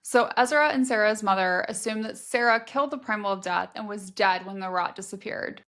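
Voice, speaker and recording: A woman's voice: mid-range voice, brisk, fairly bright tone. Woman cohost on a book podcast, easygoing plot recap, quotes the characters. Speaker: podcast co-host. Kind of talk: casual book chat.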